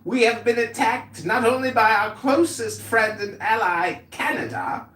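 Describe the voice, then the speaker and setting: A man's voice: sits high, expressive, unhurried, bright, forceful tone, roomy sound, far from the mic, slight background noise. Pompous, theatrical man ranting on a call. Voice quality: theatrical, over-formal, lecturing. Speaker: caller on an audio chat room. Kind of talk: mock-pompous political rant.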